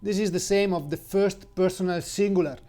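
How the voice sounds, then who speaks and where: An Italian-accented man leads a casual language lesson in a fairly high but soft, mellow voice. He talks slowly, with plenty of fillers and restarts, and spells words out letter by letter. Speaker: Italian teacher.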